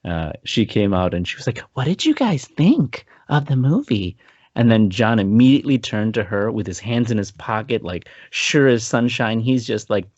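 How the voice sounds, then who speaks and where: A man's voice: fairly low pitch, normal speed, no echo, muffled recording. A man co-hosting a podcast, telling a story with laughs and acting out what people said. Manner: animated, laughing, acts out quotes. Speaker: podcast co-host. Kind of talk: casual storytelling chat.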